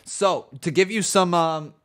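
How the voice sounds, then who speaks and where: A man from Ontario with a Canadian accent, hosting a live watch-along and chatting with viewers. He is excitable, laughs often and whoops loudly when donations come in. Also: high voice, unhurried. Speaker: live stream host.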